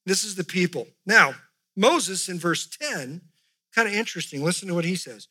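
A male pastor preaching, reading scripture aloud with rising emphasis and dropping to soft, quiet asides. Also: sits high, expressive, moderate pace. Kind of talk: sermon.

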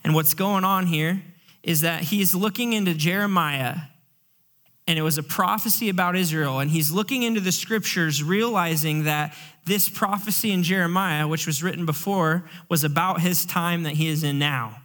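A man's voice: fairly high pitch, moderate pace, a bit bright. A man preaching a sermon in an earnest, conversational way, with fillers and acted asides. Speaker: pastor.

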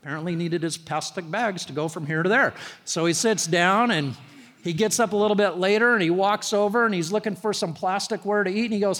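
A man's voice: high voice, brisk, a bit bright, big-room sound. A man, a pastor, preaching a sermon in a conversational, storytelling way, pushing up his voice on key phrases.

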